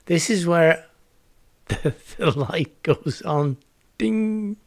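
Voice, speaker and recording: A man's voice: a little high, very slow, breathy edge, dry recording, studio quality. A man in his sixties preaching a home video sermon, earnest and reflective, repeating words for emphasis. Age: 60s. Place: home setup with green screen.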